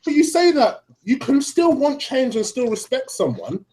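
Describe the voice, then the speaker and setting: Earnest man, lively pitch. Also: normal speed. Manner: earnest, interjects with "listen", laughs easily. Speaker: co-host. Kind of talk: casual football debate.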